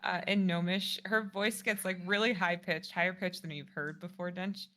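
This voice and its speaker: A woman's voice: fairly low pitch, steady tone, moderate pace, a crowd in the background. A woman player casually describing her character's actions in a tabletop game.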